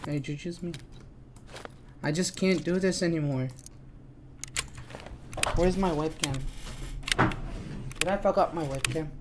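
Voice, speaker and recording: Slow-talking excitable woman streamer. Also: sits low, noisy background. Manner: excitable, swearing, bursts into panicked shouting. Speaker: game streamer. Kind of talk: live gameplay commentary.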